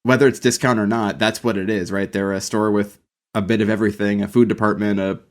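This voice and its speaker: A man's voice: fairly low pitch, flat delivery, quick pace. A man co-hosting a podcast, chatting casually about a sitcom, swearing freely and laughing often. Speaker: podcast co-host. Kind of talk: casual chat recapping a sitcom.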